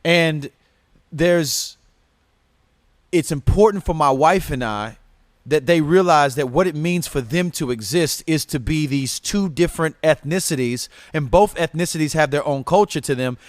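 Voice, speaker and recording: Man in his thirties, slightly high voice, dry close sound, earnest and thoughtful. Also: normal speed, no room sound. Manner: excitable, laughing, earnest when explaining. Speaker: podcast co-host. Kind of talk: casual livestream chat.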